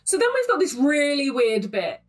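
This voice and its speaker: Chatty woman with a bright voice. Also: high voice, big pitch swings, normal speed, rough recording. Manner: chatty and opinionated, with frequent ums. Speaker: poetry analysis channel host. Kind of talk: casual close-reading commentary. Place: at home in front of her camera.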